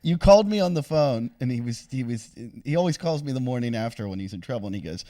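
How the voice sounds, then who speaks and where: A man co-hosting a podcast chimes in with teasing asides in casual chat. His voice has a mid pitch and a dry, close sound with no room echo. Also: expressive, fairly quick, hardly any pauses, warm tone. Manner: teasing interjections and laughter. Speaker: podcast co-host.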